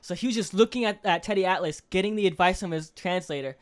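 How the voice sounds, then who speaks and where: Animated, profane young podcast co-host. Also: male voice, high voice, quick pace. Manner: animated, swears freely, acts out coaches' speeches in a loud voice. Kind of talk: casual podcast chat.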